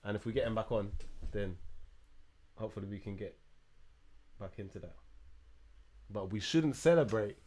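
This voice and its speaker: A man's voice: lowish voice, lively intonation, normal speed, pauses often, darkish tone. A man, a podcast co-host who teases and argues in casual banter. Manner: teasing, argumentative, says "bro" a lot.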